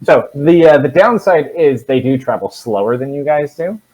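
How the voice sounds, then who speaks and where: A man narrating as dungeon master in a relaxed, rambling way, with lots of "um" and "like". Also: fairly high pitch, normal speed, slight background noise, poor audio. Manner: relaxed, rambling, filler-heavy. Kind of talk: narrating a tabletop game.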